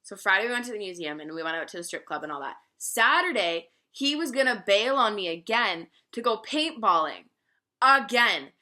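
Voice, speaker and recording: Bright-voiced young woman telling a story. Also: medium pitch, expressive, normal speed. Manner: candid and profane, laughing often. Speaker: vlogger. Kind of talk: casual storytime.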